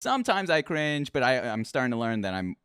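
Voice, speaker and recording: A man's voice: medium pitch, wildly swooping pitch, a little fast, fairly bright tone, clean tone, no room sound, studio quality. A man hosting a casual interview, reacting with playful enthusiasm and asking about family. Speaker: podcast host.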